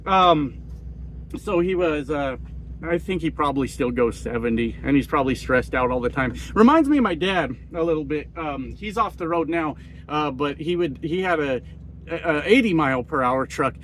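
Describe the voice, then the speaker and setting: A man's voice: fairly high pitch, expressive, moderate pace, a bit bright, a little hiss or hum. A middle-aged man, a truck driver, telling stories in a rambling, profane, casual way. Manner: profane, rambling, acts out quoted people in a raised voice. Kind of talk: casual storytelling monologue.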